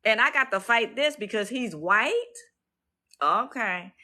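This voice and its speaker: A woman's voice: fairly high pitch, expressive, unhurried, pushed and bright. A middle-aged woman ranting on a casual livestream about her own court case, blunt and profane, stressing her points and often restarting her sentences.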